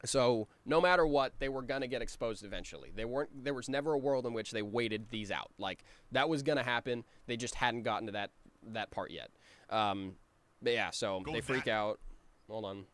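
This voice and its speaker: Mid-range and a bit bright, a man chats about his own cartoon in a rambling way, full of ums and restarts, sometimes slipping into quick character voices. No echo is present.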